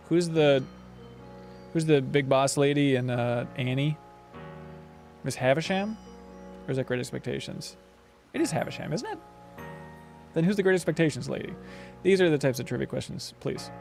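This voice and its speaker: A man's voice: medium pitch, expressive, moderate pace, vocal fry, long pauses, a little mellow, soft background music. A man casually commentating a game livestream with joking, rambling asides. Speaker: game streamer.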